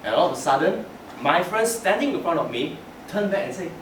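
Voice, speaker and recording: A young adult man delivers a funny prepared speech to a club, laughing as he tells stories about himself in a slightly high, sing-song voice at a somewhat fast pace. He's recorded from a distance in a noisy, echoing room.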